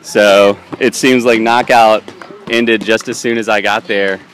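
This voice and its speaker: A man's voice: fairly low pitch, flat delivery, fairly bright tone, a little hiss or hum, poor audio. A man hosting a casual podcast outdoors at a summer camp, joking around and interviewing people as he walks. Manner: playful, joking, quick asides. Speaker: podcast host. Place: outdoors at a camp, lawnmowers and kids nearby.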